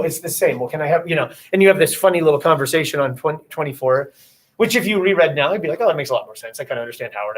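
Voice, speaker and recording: A man's voice: fairly high pitch, low-quality recording. A male teacher giving a casual classroom lecture on a novel, chatty and acting out back-and-forth exchanges with students.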